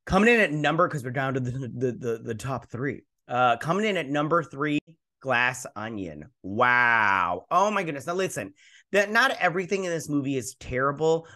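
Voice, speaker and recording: A man hosts a casual movie review in a blunt, exasperated ramble full of fillers and restarts. His voice is bright and forward. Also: medium pitch. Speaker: host.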